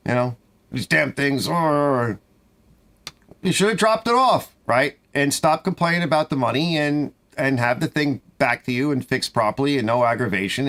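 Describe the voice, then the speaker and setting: A middle-aged man rambles through complaints about customers, his mid-pitched voice swinging up and down a great deal. He talks casually from his repair garage, exasperated and chatty. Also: fairly bright tone. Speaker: small-engine repair shop owner. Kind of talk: casual monologue to camera.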